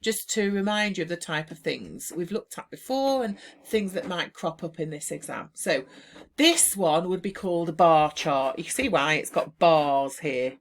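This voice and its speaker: A woman teacher talking students through exam tips over slides in a brisk, emphatic, encouraging way. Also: fairly low pitch, animated.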